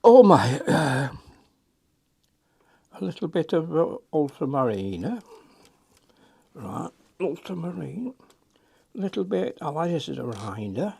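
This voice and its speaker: A man's voice: a little high, very animated, slow pace, vocal fry, pauses often, dark tone, slightly rough. An older man, chatting and muttering to himself as he demonstrates a watercolour painting.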